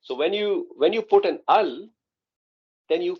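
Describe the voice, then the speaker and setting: A man's voice: sits high, lively intonation, a little slow, breathy edge, lo-fi sound. A man teaching an Arabic grammar class online, explaining patiently and often checking that students follow.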